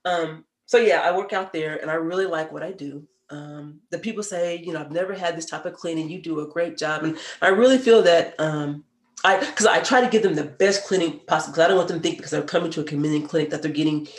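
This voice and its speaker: A woman in her forties, a podcast guest, telling stories in a lively, emphatic way and laughing now and then. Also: low voice, fast talker, reverberant. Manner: animated storyteller, emphatic and laughing. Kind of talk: casual chat.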